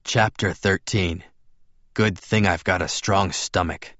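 Man, audiobook narrator, very deep voice, dull dry lo-fi recording. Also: slow, dry recording. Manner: steady, first-person storytelling.

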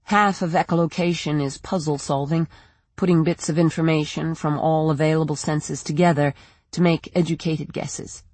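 Audiobook narrator, first-person story, steady measured read, dry close mic. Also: medium pitch, no room sound.

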